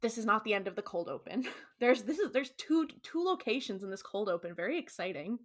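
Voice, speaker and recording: A woman's voice: medium pitch, big pitch swings, fairly quick. A woman with a Californian accent co-hosting a podcast, recapping an episode in a chatty way, laughing often and acting out the characters' lines. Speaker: podcast co-host.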